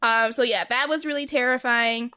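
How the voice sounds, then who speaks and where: Animated bright-voiced woman reviewing a movie. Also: on the high side, normal speed, clear, resonant tone. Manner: excitable, animated retelling with giggles. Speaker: podcast co-host. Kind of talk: casual movie review chat.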